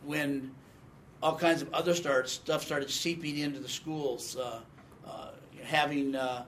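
Older male Bible teacher, higher voice, chatty, quizzes class, light background noise. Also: steady tone, measured pace, a bit bright. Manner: conversational, asks the class questions, reads scripture emphatically. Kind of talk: teaching sermon with audience questions.

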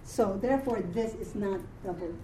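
A tired woman teaching a live reading class, chatty, quick to laugh and correct herself. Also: mid-range voice, warm tone, a little hiss or hum.

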